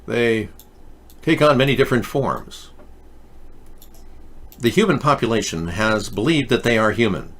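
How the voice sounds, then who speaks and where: A man's voice: mid-range voice, lively intonation, a little slow, pauses often, fairly bright tone. Male host with a mid-range voice who talks casually and rambles through jokey asides. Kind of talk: casual commentary monologue.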